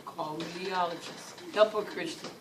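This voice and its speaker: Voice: mid-range voice, fairly quick. A teacher leading a classroom reading lesson, patiently repeating questions and key words for the students. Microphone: far from the mic. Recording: distant, noisy classroom recording.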